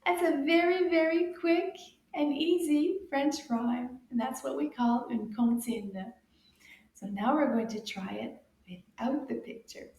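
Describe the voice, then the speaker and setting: A woman runs a French lesson for young children in a slow, unhurried rhythm. She is bright and coaxing, and she says each word loudly so the kids can echo it back. Her voice rings a little, as if she is recording in an echoey room. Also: fairly high pitch.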